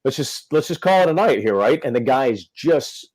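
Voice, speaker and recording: A man's voice: medium pitch, expressive, moderate pace, a little mellow, breathy edge, no echo, rough recording. A male comedian telling a story on a podcast, acting out the quotes. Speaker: comedian guest.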